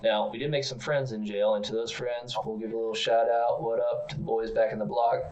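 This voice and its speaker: A man co-hosting a comedy podcast, telling absurd stories in a rambling, deadpan way. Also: medium pitch, fairly quick, distant mic, lo-fi sound. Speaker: podcast co-host.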